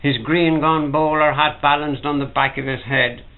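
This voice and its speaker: Older dublin man, author reading, higher voice, tinny 1950s home recording. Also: steady tone, normal speed. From Ireland. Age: 70s. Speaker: author reading his own work. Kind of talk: literary reading. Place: private home.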